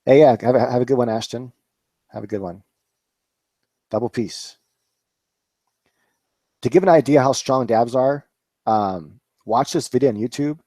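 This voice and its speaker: A man's voice: medium pitch, a little slow, long pauses, warm tone, no echo. A man in his forties, a cannabis grower, rambling casually through a live stream, full of fillers and swearing. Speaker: cannabis grower, channel host.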